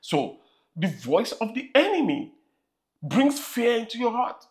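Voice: medium pitch, very animated, a little slow. A preacher with a Nigerian accent delivering an emphatic sermon and repeating phrases for emphasis.

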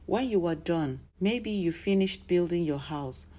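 Woman, preacher, sermon, low voice, mellow tone, emphatic declarations. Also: measured pace.

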